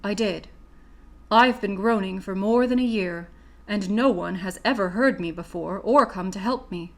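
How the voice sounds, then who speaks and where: A woman's voice: mid-range voice, normal speed, close to an everyday voice. A woman voicing a polite, grateful man made of tin who speaks in a sad, courteous way. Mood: plaintive. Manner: mournful, courteous.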